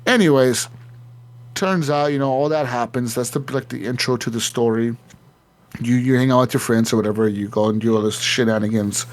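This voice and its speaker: A man's voice: medium pitch, fairly quick. Swearing man telling a game story. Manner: animated storytelling, heavy swearing, acts out characters' lines. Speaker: podcast co-host. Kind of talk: casual gaming podcast chat.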